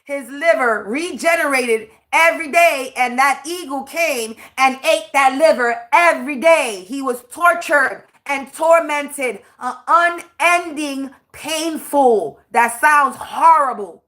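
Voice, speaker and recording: A high-pitched woman doing a livestream rant as a spiritual reader. She talks at an unhurried, drawn-out pace, stretching words for emphasis. Her delivery is blunt, preachy and full of swearing. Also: a bit bright.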